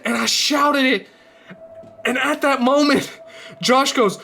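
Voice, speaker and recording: A young man telling a personal story in casual speech, laughing through parts and dropping to a hush in tense moments. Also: very high voice, unhurried, vocal fry, faint music behind. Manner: laughs through the story, swings from excited to hushed.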